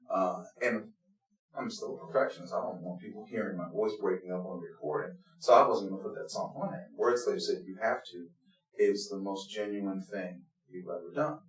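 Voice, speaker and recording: A man leading a blues band, telling personal stories in an interview in an earnest, heartfelt way, dropping to a hush and then rising loud. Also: fairly low pitch. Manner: earnest, heartfelt, swings between hushed and loud. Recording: roomy, distant from the mic.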